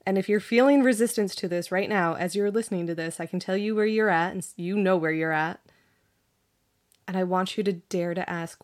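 A woman's voice: medium pitch, fairly quick. A woman hosting a podcast, talking earnestly and animatedly in a motivational monologue, with frequent "like" and "right?". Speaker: podcast host.

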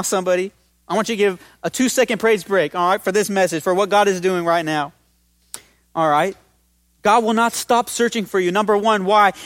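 High-voiced energetic male preacher. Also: no room sound, clean studio sound. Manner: energetic, call-and-response exhortation. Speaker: pastor. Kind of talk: sermon.

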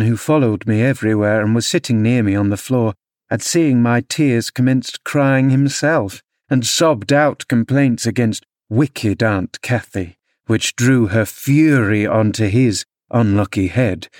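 A man narrating a classic novel as an audiobook, measured storytelling delivery. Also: mid-range voice, a little mellow, no echo, clean studio sound. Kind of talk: scripted narration.

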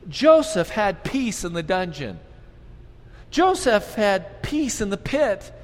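A man's voice: high voice, in a large hall. A man in his fifties preaching a sermon, earnest and full of rhetorical questions. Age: 50s. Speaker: pastor.

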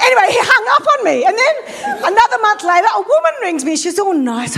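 A woman's voice: very high-pitched, sing-song, quick pace, crowd noise, noisy background. A middle-aged woman pastor, telling a story in a sermon and acting out phone calls.

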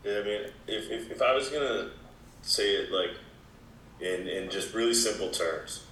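Man, wellness expert guest, casual interview, relaxed explaining, roomy echo, faint background rumble. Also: normal speed. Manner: relaxed, explanatory, many "you know" fillers. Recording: echoey room.

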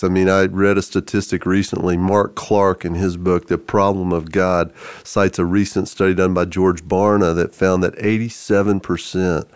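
Man, podcast storyteller, animated, lots of restarts, dry close mic. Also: sits low, no room sound. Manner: animated storyteller with many restarts, acts out quoted voices. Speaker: podcast co-host, church forum leader. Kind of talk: storytelling conversation.

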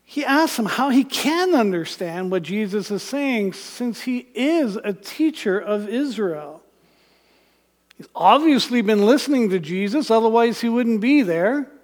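Preacher, male, very high voice, animated storytelling delivery, echoing sanctuary. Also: measured pace. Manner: animated retelling, voicing characters, rising to loud passages. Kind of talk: sermon. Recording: long church reverb.

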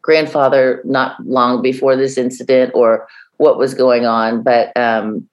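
A woman's voice: a bass voice, a little slow. A woman co-hosting a podcast, chatting casually and telling stories with lots of acted-out voices. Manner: animated storyteller, acts out voices. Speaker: podcast co-host. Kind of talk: casual chat.

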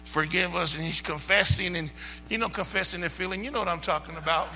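A pastor delivers an impassioned sermon, talking fast in a high, gravelly voice that swells into shouts, bright and forceful in tone. A long hall reverb surrounds him, with faint music and hum in the background.

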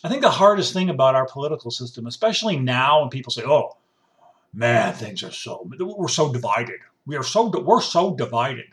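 A middle-aged man delivers a sarcastic, rambling rant, circling back and repeating himself as he goes. His pitch sits a little high and swings widely, and he sounds slightly distant from the microphone. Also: fairly bright tone. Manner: sarcastic, mimics complainers in grumbling voices; rambling with restarts and repetition. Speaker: commentator. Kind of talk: casual ranting monologue.

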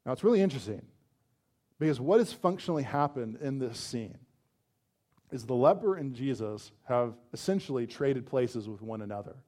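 Mellow-voiced guy preaching, chatty and animated, lots of "like". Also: mid-range voice. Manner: conversational, peppered with "like", animated emphasis. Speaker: pastor. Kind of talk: sermon.

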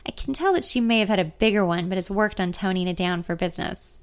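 A woman's voice: medium pitch, a little fast, hardly any pauses, clean tone. Woman narrator for a first-person audiobook; conversational, reflective delivery in a mid-range voice.

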